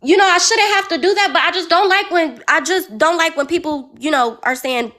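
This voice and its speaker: A woman's voice: extremely high pitch, brisk. A woman, venting in a heated, repetitive way, calling in to a live advice stream. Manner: heated, repeats phrases, rising to yelling. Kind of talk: emotional venting story.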